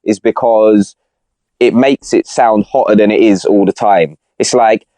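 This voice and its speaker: A man's voice: lowish voice, a little slow, warm tone, no echo. A young man on a podcast, chatting casually in rambling slang with lots of restarts. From Britain. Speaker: podcast co-host. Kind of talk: casual chat.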